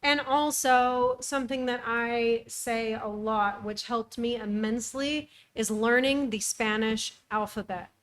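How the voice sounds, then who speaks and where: A woman's voice: on the high side, steady tone, a little slow, hardly any pauses. A young woman co-hosting a travel podcast, chatting casually with frequent ums. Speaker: podcast co-host. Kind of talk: casual chat.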